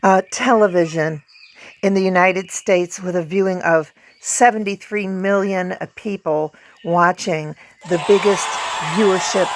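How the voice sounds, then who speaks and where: A woman hosting a casual vlog, chatting warmly about pictures and reading from a book, laughing now and then. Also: lowish voice. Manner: chatty, laughs often, hums song snippets. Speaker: video host; performer.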